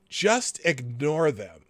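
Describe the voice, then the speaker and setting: A man's voice: mid-range voice, gravelly, husky, dry recording. A man hosting a live-stream commentary show, reading articles aloud with wry asides and chuckles.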